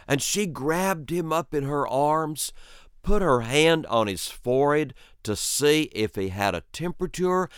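A male storyteller telling a funny childhood story with dramatic pauses and sudden jumps in pitch. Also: clean tone, no room sound, clean studio sound. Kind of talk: told personal story.

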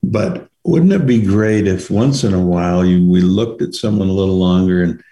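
An older man co-hosting a casual devotional chat, speaking in a reflective, measured, encouraging way. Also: sits low, mellow. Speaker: co-host.

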